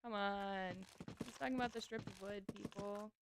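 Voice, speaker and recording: A woman talking her way through a live game stream, chatty and easygoing as she answers chat between tasks. Her voice sits at an ordinary middle pitch, with a faint hiss behind it. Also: steady tone, moderate pace, creaky. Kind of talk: casual live-stream chat while gaming.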